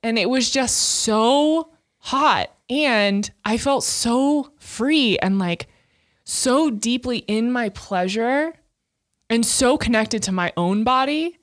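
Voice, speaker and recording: Her voice is fairly high and expressive, and she speaks slowly. As a podcast co-host in her thirties, she's candid and emotional in casual conversation, laughing frequently and filling gaps with lots of fillers.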